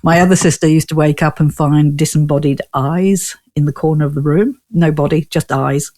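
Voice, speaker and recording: A woman's voice: low-pitched, steady tone, normal speed, dark tone. Woman, northern English accent, guest, chatty, laughs often, rambling stories. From Newcastle, England. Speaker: guest, ghost tour owner. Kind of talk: casual interview chat.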